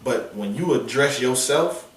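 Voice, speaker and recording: Man, street preacher, forceful, confrontational, slangy, mid-pitched, distant mic, echoey outdoor street. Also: animated, measured pace.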